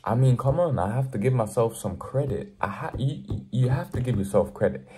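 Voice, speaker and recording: A man's voice: mid-range voice, expressive, moderate pace, warm tone. A young man talking straight to the camera in an earnest motivational vlog, preaching hard work and building to emphatic pushes. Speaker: motivational vlogger. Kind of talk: direct-to-camera motivational talk.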